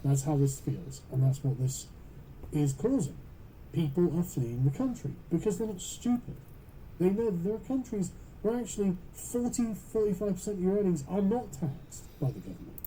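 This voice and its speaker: A man's voice: high voice, lively intonation, normal speed, warm tone, slight background noise, poor audio. A British man giving podcast commentary in emphatic, profane, long run-on sentences. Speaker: political commentator.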